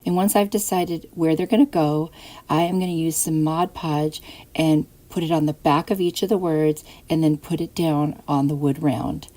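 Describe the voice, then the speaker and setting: A woman's voice: sits low, steady tone, moderate pace. A woman hosting a craft channel, chatting casually through each step of a DIY tutorial voice-over. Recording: soft music behind.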